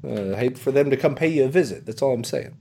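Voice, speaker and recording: A man voicing a scheming raccoon shopkeeper and loan shark, upbeat and smooth-talking with an edge of menace. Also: mid-range voice, animated, quick pace, dark tone. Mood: menacing.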